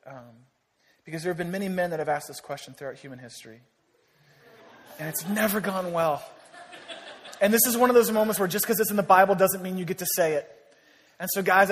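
A pastor preaching a sermon, talking to his congregation casually with jokes, then dropping to a hushed voice for key moments. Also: high-pitched. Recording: long reverb of a large hall.

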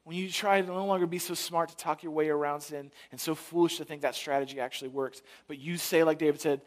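Animated male pastor telling a story. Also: on the high side, moderate pace. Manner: animated storyteller, acts out his family's voices. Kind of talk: sermon with a family story.

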